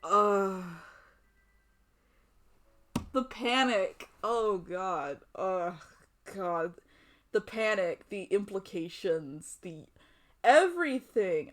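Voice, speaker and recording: A woman's voice: mid-range voice, lively intonation, slow pace. Dramatic young woman streamer. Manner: dramatic, swearing, groaning reactions. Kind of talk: reading a visual novel aloud with live reactions.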